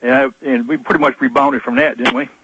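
A man from Texas phones in to a talk-radio show and muses casually. His voice is husky and mid-pitched, and it comes through a muffled phone line that sounds dry and close. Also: level tone, fast talker, a bit bright, no echo. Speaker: radio caller. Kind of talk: phone-in call.

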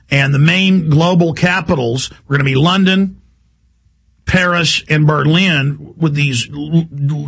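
A man hosting a radio show, delivering a fast, heated, rambling monologue in a gravelly, husky voice. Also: fairly high pitch, fairly bright tone. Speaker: talk radio host.

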